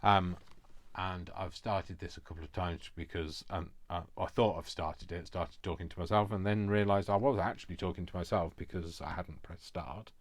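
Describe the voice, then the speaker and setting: A man's voice: low-pitched, steady tone, normal speed, hardly any pauses. A man chatting casually and rambling with self-mocking asides while he makes a craft journal. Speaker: craft vlogger.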